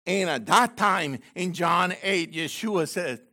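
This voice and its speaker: A man preaching a sermon in a conversational way, often checking in with the listeners and dropping his voice low for quotes. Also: slow, pushed and bright. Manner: conversational preaching, asks the crowd "okay?"; drops to a low aside voice for quotes. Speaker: messianic teacher.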